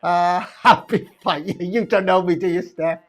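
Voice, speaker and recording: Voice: medium pitch, steady tone, unhurried. Chatty quiz host. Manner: chatty, self-mocking, rambling asides between questions. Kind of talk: casual live-streamed pub quiz hosting.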